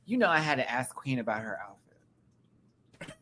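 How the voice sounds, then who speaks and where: Male host, sassy and profane, rambling casual chat, mid pitch, light background hiss. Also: sing-song, a little slow, sharp tone, poor audio. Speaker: podcast host. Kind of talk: casual pop-culture chat.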